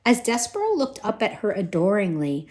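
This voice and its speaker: A woman reading a children's storybook aloud to her kids in an expressive way. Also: mid-range voice, moderate pace.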